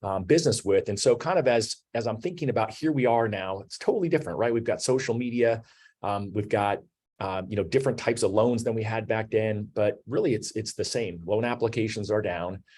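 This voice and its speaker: A man's voice: on the low side, a little fast, darkish tone, slightly rough. A man in his forties hosting an online business talk, speaking conversationally with many "you know"s and "um"s. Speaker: host. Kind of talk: webinar talk.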